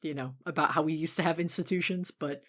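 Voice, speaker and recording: Low-voiced woman chatting about films. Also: quick pace, fairly bright tone. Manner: enthusiastic, laughs often, trails off into fillers. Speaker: podcast co-host. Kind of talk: casual film chat.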